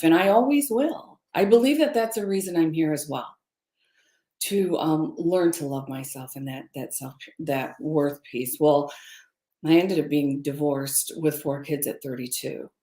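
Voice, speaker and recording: A woman's voice: low-pitched, normal speed, echoey room. A middle-aged woman candidly telling a personal story as a webinar guest, with hesitant fillers. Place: room, recorded for a webinar.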